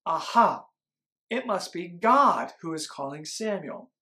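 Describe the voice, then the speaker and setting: A man's voice: high voice, expressive, takes it slowly, sharp tone, heavily acted. Eli, a patient old priest, read by a man. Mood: firm. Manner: firm but kind. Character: old, nearly blind, patient male priest.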